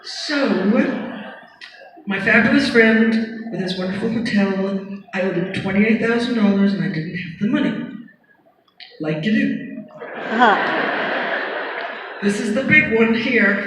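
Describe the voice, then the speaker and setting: A woman's voice: medium pitch, a little slow, pauses often. A woman telling comedic stories on a theater stage, chatty and self-mocking, with casual swearing. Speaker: stage performer. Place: large theater stage before a live audience. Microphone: audience camera far from the stage. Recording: distant echoey theater audience recording. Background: audience laughter and hall noise.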